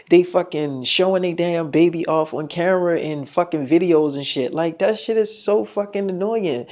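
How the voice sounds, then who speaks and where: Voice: mid-range voice, darkish tone, natural voice. A storyteller doing a foul-mouthed young pop star. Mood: exasperated. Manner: profane, ranting, fast and irritated. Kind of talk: storytime role-play narration.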